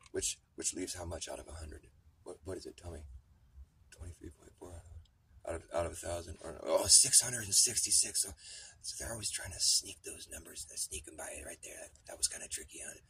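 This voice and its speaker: A man livestreaming a rambling, swearing conspiracy monologue, often half-whispered and hushed. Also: low voice, gravelly, recorded from a distance. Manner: mumbling, swearing, chuckling.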